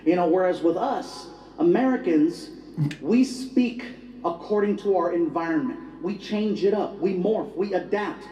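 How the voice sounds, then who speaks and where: A man doing stand-up comedy, telling stories in an animated way with sudden loud bursts. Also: high-pitched, a little slow, roomy sound, muffled recording, soft background music. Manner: animated storytelling with bursts of shouting.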